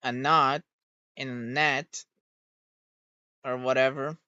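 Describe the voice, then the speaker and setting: A VTuber streamer chatting casually in a rambling way, swearing freely and getting irritated quickly. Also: medium pitch, flat delivery, sharp tone, no echo. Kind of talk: casual stream reaction chat. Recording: dull, dry home recording.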